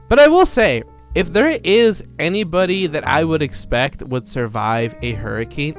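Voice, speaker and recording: High-voiced sarcastic man ranting comically. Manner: sarcastic, rambling with self-interruptions. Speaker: commentary creator. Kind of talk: comedic commentary monologue.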